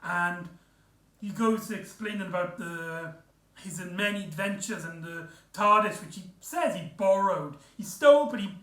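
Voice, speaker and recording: A man's voice: high-pitched, a little slow, fairly bright tone. A man recapping an episode in a casual, rambling way, full of fillers and restarts. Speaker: reviewer. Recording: echoey room, off-mic.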